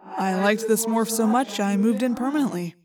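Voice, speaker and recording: A woman's voice: fairly high pitch, moderate pace, crowd noise, close to an everyday voice. A woman reading an audiobook, voicing a teenage boy stuck as a hawk who talks dryly and with understatement. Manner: dry, understated. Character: dry, subdued teenage boy trapped as a hawk.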